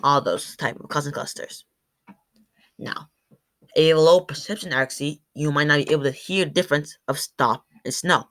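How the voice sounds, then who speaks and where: A woman's voice: low-pitched, moderate pace, a bit bright. A woman presenting to a class. She stumbles over words, corrects herself, and says sample words aloud. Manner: demonstrates sounds aloud. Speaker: student presenter.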